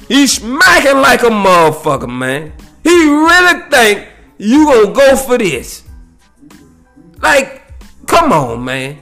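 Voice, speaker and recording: A man telling a story in a profane, animated rant, peppered with "you know what I'm saying". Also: high voice, slow pace, soft background music.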